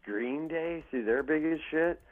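Man guest, slightly high voice, swears constantly, rambles through anecdotes; phone-thin audio. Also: a little slow. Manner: profane, rambling, jokey, acts out quotes. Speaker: podcast guest. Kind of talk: casual storytelling chat. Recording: tinny phone-like line.

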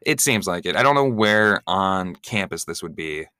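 A man's voice: low voice, expressive, normal speed, sharp tone, smooth, no room sound, clean studio sound. A man co-hosting a podcast, chatting casually and joking in playful banter. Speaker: podcast co-host. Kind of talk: casual chat.

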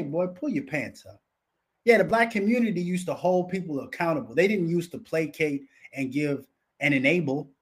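A man's voice: a little high, breathy edge. Rowdy swearing man riffing on clips. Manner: rowdy, swears constantly, breaks into laughter. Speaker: commentary show host. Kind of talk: profane casual commentary on clips.

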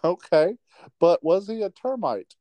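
A man co-hosting a podcast, trading wry, teasing remarks and laughing often. His voice is a little high and sounds dry and close to the mic. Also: very animated, measured pace, dark tone, dry recording. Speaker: podcast co-host. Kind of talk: casual chat.

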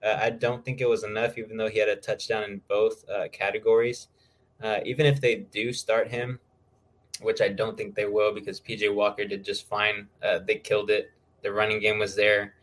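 A man with a somewhat low voice co-hosts a casual podcast. He talks through stats at an easy pace, dropping filler uhs as he goes. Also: level tone, normal speed. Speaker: podcast co-host. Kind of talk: casual fantasy football chat.

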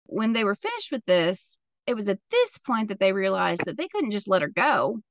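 A woman's voice: medium pitch, sing-song, normal speed, no echo. A woman co-hosting a podcast, telling a true crime story in casual chat with sarcastic, laughing asides.

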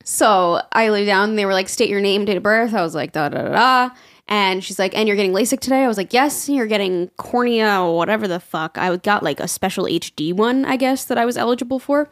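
A young woman co-hosting a podcast tells a story in casual chat, speaking a little fast at medium pitch with hardly any pauses. She's animated, acting out the people she quotes in raised voices and laughing often.

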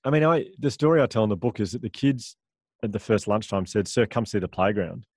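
A man, a guest author, telling lively stories full of quoted dialogue in a casual interview. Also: lowish voice, no room sound, clean studio sound. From Australia. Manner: animated storyteller, quick asides and quoted dialogue.

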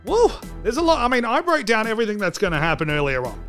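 A man's voice: sits high, wildly swooping pitch, fast, fairly bright tone, soft background music. A man hosting a comedic podcast, joking and irreverent and swearing freely. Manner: joking, irreverent, mock phone call, swears. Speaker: podcast host.

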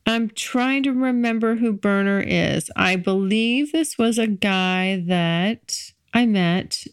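A woman hosts her podcast alone, chatting in a frank, easygoing way and breaking into easy laughs. Her voice sits at an ordinary middle pitch. The sound is close and dry, with no room around it. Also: smooth, no room sound. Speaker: podcast host. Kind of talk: casual solo podcast monologue.

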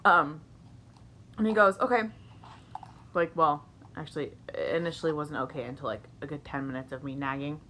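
A woman's voice: low voice, fairly even intonation, moderate pace, pauses often, sharp tone, a little hiss or hum. A young woman co-hosting a casual chat podcast, telling profane stories and quoting others, laughing often. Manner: profane, storytelling with quoted voices, laughing often. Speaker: podcast co-host.

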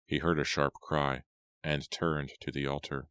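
Super deep guy reading a spooky audiobook, smooth voice, dry close sound. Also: little pitch movement, no room sound. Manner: acts out characters' lines louder and slower. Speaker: audiobook narrator.

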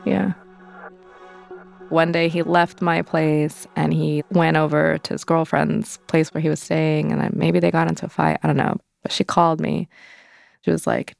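A woman's voice: low-pitched, fairly even intonation, normal speed, creaky, a little mellow, no echo, clean studio sound. A young adult woman telling her personal story as an interview guest, candid and conversational, full of fillers. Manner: conversational, many fillers, acts out quoted voices.

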